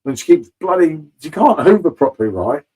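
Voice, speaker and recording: A man's voice: on the high side, big pitch swings, a little fast, warm tone, slightly rough, low-quality recording. A man in casual live-stream chat from a home bar, chatty and swearing freely, calling everyone mate.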